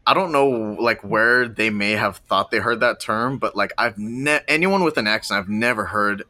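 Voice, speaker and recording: A man's voice: on the low side, moderate pace, sharp tone. A young adult man co-hosting a podcast in casual chat, rambling loosely with lots of fillers and frequent laughs. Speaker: podcast co-host.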